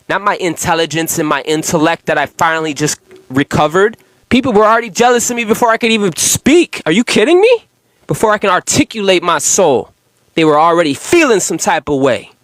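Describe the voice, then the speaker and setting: A man's voice: a little high, a bit bright, no room sound. Intense, profane young man preaching spiritual ideas. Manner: intense, profane, preachy, swings between ranting and slow emphatic lines. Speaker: spiritual content creator. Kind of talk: unscripted spiritual monologue.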